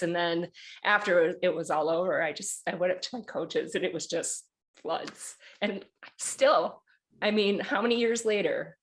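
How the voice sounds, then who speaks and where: A woman's voice: fairly low pitch, normal speed. A woman in her forties from Wisconsin, telling a personal story on a podcast in a candid way, laughing often and getting teary. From Wisconsin, USA. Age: 40s. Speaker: podcast co-host, guest here.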